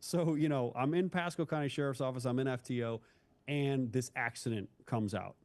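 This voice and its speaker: A man's voice: mid-range voice, moderate pace, darkish tone. A man from Northeast Ohio, a former police officer, telling a hard story from his career in a candid, blunt, casual way as an interview guest. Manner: candid, blunt, calls the host bro.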